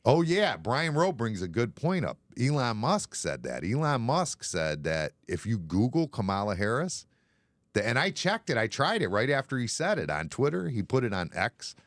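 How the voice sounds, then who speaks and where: A man's voice: mid-range voice, sing-song, moderate pace, no room sound. A man hosting a casual bar-talk live stream, blunt and sarcastic, swearing freely. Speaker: podcast host.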